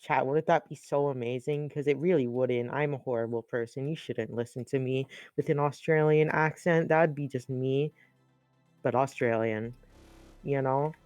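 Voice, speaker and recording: A man's voice: medium pitch, moderate pace, darkish tone, no room sound. A man co-commentating an esports stream, rambling and joking, over background music. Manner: rambling, jokey, riffing.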